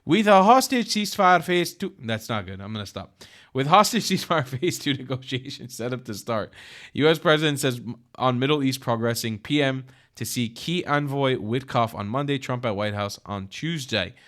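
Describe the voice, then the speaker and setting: Brief: male YouTube host, loose and profane, mid-pitched voice, reacting to news clips. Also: moderate pace. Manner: animated, profane and chatty. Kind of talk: casual news commentary.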